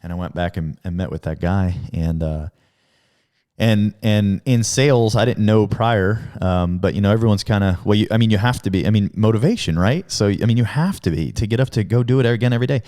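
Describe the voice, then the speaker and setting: A man's voice: on the low side, brisk, warm tone. A man telling his story as a podcast guest, in a rambling, casual way with heavy swearing and frequent restarts. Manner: frequent self-corrections and restarts.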